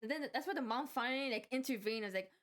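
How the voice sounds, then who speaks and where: A young woman chatting casually about her day at work, circling back and restarting her sentences often. Her voice sits a little high, and she speaks in a loose, rambling way. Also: very fast. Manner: rambling, many restarts and "like" fillers. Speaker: vlogger. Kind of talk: casual storytelling.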